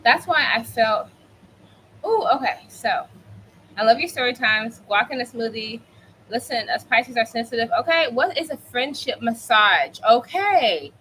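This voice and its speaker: Chatty bright-voiced woman in her thirties. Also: a little high, moderate pace, slight background noise, poor audio. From United States. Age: 30s. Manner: chatty, animated storytelling with many "like" fillers. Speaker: vlogger. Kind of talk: casual storytime chat while cooking.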